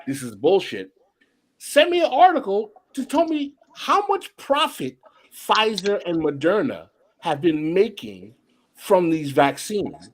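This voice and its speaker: A man's voice: high-pitched, sing-song, takes it slowly. A man co-hosting a casual podcast chat, talking animatedly with frequent restarts. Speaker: podcast co-host.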